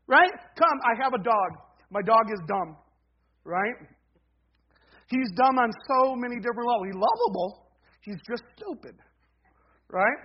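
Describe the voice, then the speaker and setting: A man's voice: extremely high pitch, expressive, moderate pace, long pauses, lo-fi sound, slight background noise. A male pastor preaching a conversational sermon, peppering it with "right?" and hammering home repeated refrains.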